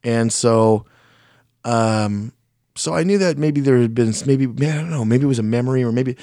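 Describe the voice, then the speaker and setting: A man's voice: mid-range voice, moderate pace, warm tone, dry recording, clean studio sound. A man on a podcast telling a personal story in a casual way. He is blunt, swears constantly, mocks himself and often restarts his sentences. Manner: blunt, profane, self-deprecating, restarts often; speaks his mind plainly.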